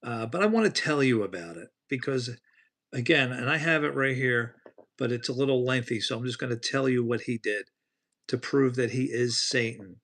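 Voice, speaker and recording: Male livestream host, gravelly, rambling chatty storyteller. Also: mid-range voice, moderate pace, fairly bright tone. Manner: rambling storyteller, talks to chat by name. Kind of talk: casual livestream chat.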